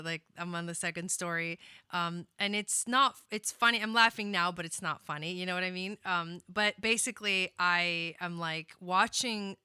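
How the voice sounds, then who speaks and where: A woman's voice: fairly low pitch, pushed and bright, clear, resonant tone, no room sound, clean studio sound. Chatty woman astrologer on a livestream. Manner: chatty, rambling, frequent fillers and restarts; greets viewers by name, laughs often. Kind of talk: casual livestream chat.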